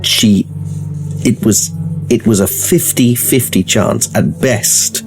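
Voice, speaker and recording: A man voicing a defensive doctor who speaks slowly and formally, trying to calm an angry woman. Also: fairly low pitch, faint music behind. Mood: placating. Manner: slow, placating, formal. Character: smooth, defensive country doctor, middle-aged man.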